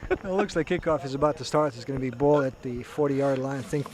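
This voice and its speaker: A man's voice: medium pitch, fast, a little mellow. A man doing color commentary at a youth soccer game, chatty, with joking asides and substitution updates. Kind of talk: casual sports commentary. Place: outdoor soccer field. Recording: faint outdoor noise.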